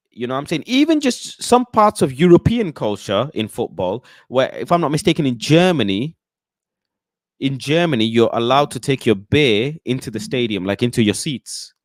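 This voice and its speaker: A man from the UK hosting casual football chat, animated and slangy, often breaking into chants and impressions. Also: mid-range voice, moderate pace, no echo. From United Kingdom. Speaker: football channel host.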